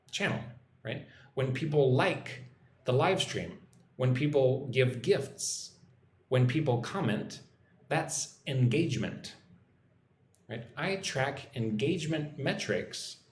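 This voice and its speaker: A man from the United States teaching English on a live stream, explaining words slowly and checking in with "right?" after each point. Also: mid-range voice, reverberant, a little hiss or hum.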